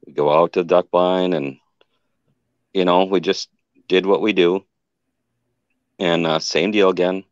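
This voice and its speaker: A very deep-voiced man tells his story in a loose, rambling way, backing up to fix details as he goes. The sound is dry and a little dull, like lo-fi call audio with no room echo. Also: steady tone, measured pace, pauses often. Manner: rambling, restarts and self-corrections. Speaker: guest telling an encounter. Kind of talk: casual storytelling.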